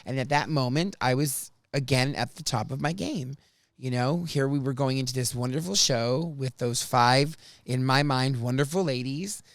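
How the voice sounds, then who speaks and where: A man hosting a podcast, telling stories from his life in a chatty, animated way. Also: mid-range voice, normal speed, dry recording. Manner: chatty, animated, restarts and laughs often. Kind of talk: casual storytelling chat.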